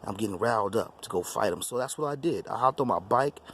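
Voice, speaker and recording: A man's voice: on the low side, animated, quick pace, a bit bright, slight background noise. A man hosting his own channel, telling a personal testimony story in an emphatic, repetitive way. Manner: repetitive, emphatic, restarts phrases. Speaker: YouTube channel host.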